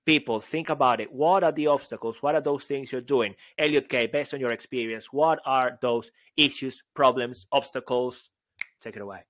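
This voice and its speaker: A man co-hosting a podcast as a speaking coach, joking around, breaking into song and bursts of shouting. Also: medium pitch, moderate pace, no room sound. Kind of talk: playful podcast banter.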